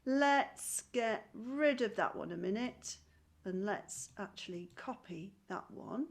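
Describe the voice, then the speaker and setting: A woman's voice: mid-range voice, expressive, slow, creaky. A woman teaching a primary school music lesson online, patient and encouraging, clapping and chanting rhythm syllables. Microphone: screen-shared video call.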